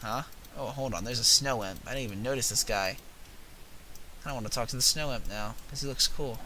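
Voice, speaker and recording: A young man giving casual, profane, excitable commentary while playing a video game. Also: medium pitch, fairly quick, a little hiss or hum. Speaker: gaming video host.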